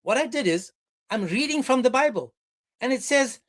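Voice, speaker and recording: A man's voice: very high-pitched, animated, normal speed, fairly bright tone. A man hosting a livestream religious debate, talking in a mocking, sarcastic way. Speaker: debate stream host.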